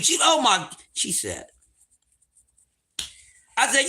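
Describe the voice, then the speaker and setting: A man with a very high, bright voice tells a story on a livestream. His pitch swings widely, and he often gets loud and profane as he laughs his way through it. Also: sing-song, a little slow, slight background noise. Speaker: livestream host.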